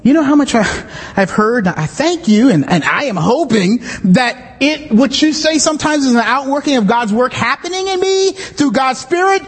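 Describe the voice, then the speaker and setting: High-voiced animated preacher in a hall. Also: male voice, normal speed, breathy edge. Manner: animated, conversational preaching with asides and shouts. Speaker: pastor. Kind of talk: sermon. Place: church sanctuary.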